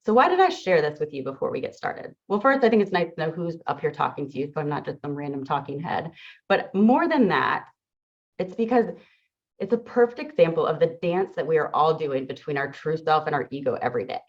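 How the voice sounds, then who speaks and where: A woman's voice: low-pitched, animated, brisk. A middle-aged woman, a teacher and coach, giving an earnest, reflective motivational talk to an audience. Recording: dull lo-fi sound.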